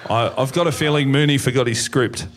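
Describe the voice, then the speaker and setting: A man's voice: mid-range voice, brisk, heavy background noise. A man co-hosting a live comedy podcast, throwing in dry teasing quips. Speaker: podcast co-host.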